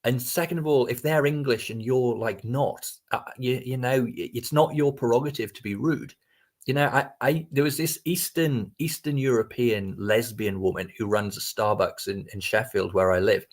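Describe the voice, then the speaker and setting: A man's voice: medium pitch, steady tone, moderate pace. A man as a podcast guest, telling a story in casual chat, rambling with many restarts and frequent swearing.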